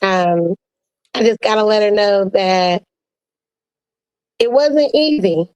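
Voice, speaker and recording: A woman co-hosting a podcast, chatting casually and warmly, laughing and fighting back tears as she tells stories with playful quoted asides. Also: medium pitch, lively intonation, slow, clean tone, lo-fi sound. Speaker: podcast co-host. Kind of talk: casual heartfelt chat.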